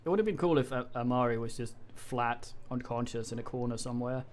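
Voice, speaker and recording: A man's voice: mid-range voice, fairly quick. Casual wry male game streamer. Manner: casual, wry, crude asides. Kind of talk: gameplay stream commentary, reading game text aloud.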